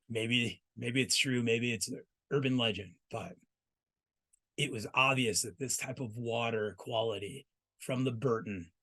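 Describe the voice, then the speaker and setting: A man with a medium-pitched, somewhat bright voice hosts a trade news segment. He tells history as a story and speaks directly to the listener.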